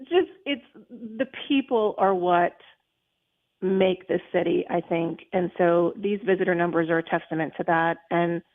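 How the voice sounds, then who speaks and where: A woman's voice: on the low side, a little slow. A woman guest on a radio show, chatting casually with lots of fillers about her city's tourism. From New Orleans. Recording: tinny phone-line radio sound.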